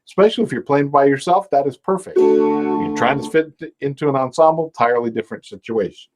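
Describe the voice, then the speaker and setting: A man's voice: medium pitch, expressive, fast. A man teaching a live online music lesson on timing. He explains things patiently, counts beats aloud, scats rhythms and sings short bits of a folk song while he plays. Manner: explains timing with counting, scatting and sung demonstrations over his own playing. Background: his own dulcimer playing.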